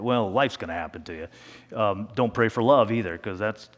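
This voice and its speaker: A man preaching a sermon as pastor, talking in a conversational way and slowing down to a hush for emphasis. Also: on the low side. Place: church sanctuary. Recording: long reverb of a church hall.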